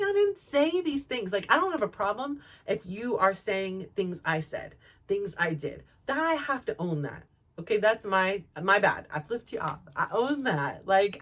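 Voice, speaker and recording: A woman's voice: medium pitch, fairly bright tone. A middle-aged woman hosting her own show, telling a personal story in a frank, self-reflective way and rambling through it with lots of "like" fillers. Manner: rambling, heavy use of "like" fillers. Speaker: host.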